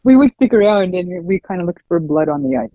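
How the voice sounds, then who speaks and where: A woman's voice: on the low side, animated, quick pace, no room sound. A woman guesting on a podcast, reminiscing casually and laughing often. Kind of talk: casual storytelling chat. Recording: dull lo-fi sound.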